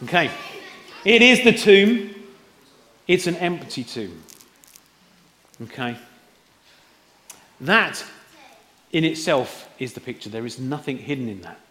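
A man's voice: a little high, big pitch swings, takes it slowly, long pauses, pushed and bright. A man preaching an Easter sermon, talking conversationally and putting questions to the congregation. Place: church hall. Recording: roomy hall echo.

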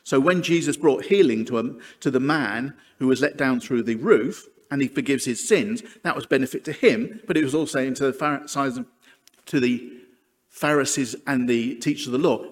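A man's voice: medium pitch, normal speed. A man preaching a sermon, chatty and self-deprecating with humorous asides. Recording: long hall reverb.

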